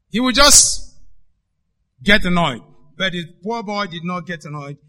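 High, sharp-voiced male preacher. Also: expressive, unhurried, pauses often. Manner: emphatic, swings between loud and hushed. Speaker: pastor. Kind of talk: sermon.

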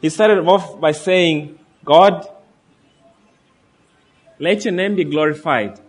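A man's voice: a little high, slow. A man preaching a sermon, reading scripture aloud and earnestly asking his listeners questions.

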